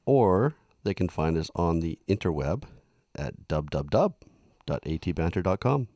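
Low-voiced easygoing male co-host. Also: very animated, moderate pace, dark tone, dry recording, clean studio sound. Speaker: podcast co-host. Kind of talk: casual chat.

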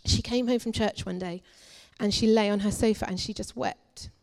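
A young adult woman, a guest preacher at a church, giving an earnest, confessional testimony that moves between forceful and hushed. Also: medium pitch, steady tone, normal speed, gravelly. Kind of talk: personal testimony sermon.

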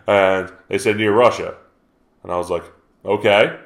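Low male podcast co-host, lively anecdote teller. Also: moderate pace, creaky. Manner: animated retelling with quoted dialogue. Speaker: geography teacher. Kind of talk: casual storytelling chat. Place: South Carolina.

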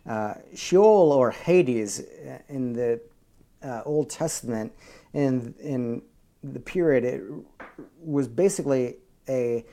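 A male pastor in full sermon mode who speaks at a middle pitch. He drops to near-whispers and then builds to rousing shouts, calling out for amens. He keeps it conversational between scripture readings, with casual asides. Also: slow. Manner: animated preaching that swings from whispers to shouts; call-and-response with the congregation.

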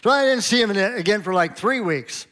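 Man, middle-aged, pastor, sermon storytelling, chatty, chuckling, slightly high voice. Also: expressive, brisk, bright, forceful tone. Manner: conversational, anecdotal, with chuckles and quoted dialogue.

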